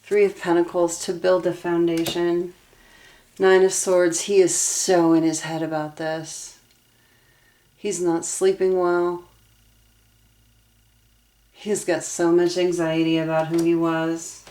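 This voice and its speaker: A woman's voice: lowish voice, little pitch movement, slow pace, long pauses, mellow. A young adult woman giving a tarot reading, earnest and emotionally invested as she talks through the cards aloud. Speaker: tarot reader.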